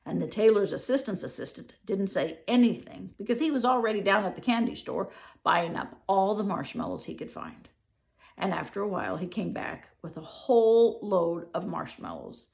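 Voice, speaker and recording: A woman's voice: mid-range voice, sing-song, normal speed, gravelly, a little mellow. An older woman reading a children's book aloud, with playful asides to the listener.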